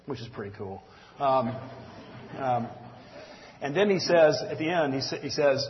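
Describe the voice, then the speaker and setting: A man's voice: mid-range voice, normal speed. Man preaching in a reverberant hall. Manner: conversational preaching with frequent ums and asides. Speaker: pastor. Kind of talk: sermon. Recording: dull sound with long hall reverb.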